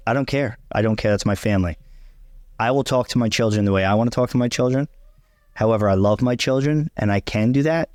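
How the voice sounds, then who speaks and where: Blunt, cursing man with a low voice. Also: quick pace, a little mellow, no echo, studio quality. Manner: blunt, emphatic, swears freely; repeats himself for emphasis. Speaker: vlog co-host. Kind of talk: casual chat.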